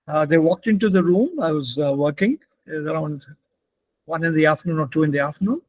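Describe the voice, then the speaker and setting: A man's voice: a little high, a little fast, dry recording, rough recording. A man, a Telugu speaker, telling a personal anecdote as a German teacher, hesitant with frequent fillers.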